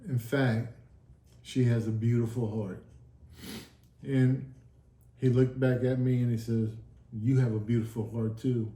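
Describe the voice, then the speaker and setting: Guy telling his story, earnest and emotional, warm mellow voice, roomy echo. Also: mid-range voice, little pitch movement, a little slow, long pauses. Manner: earnest, emotional, acts out quoted dialogue. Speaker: guest telling his testimony. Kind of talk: casual sit-down storytelling. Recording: echoey room.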